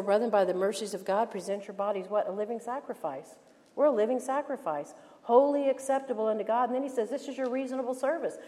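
An older woman teaching a women's Bible study in an earnest, emphatic sermon style, slowing down to stress key phrases. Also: mid-range voice, a little mellow. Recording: long hall reverb.

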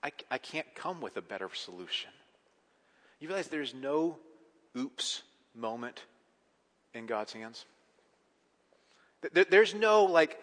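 A male pastor preaching a sermon, swinging from hushed reflection to emphatic, rising delivery. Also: medium pitch, very animated, a little slow, pauses often. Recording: long hall reverb.

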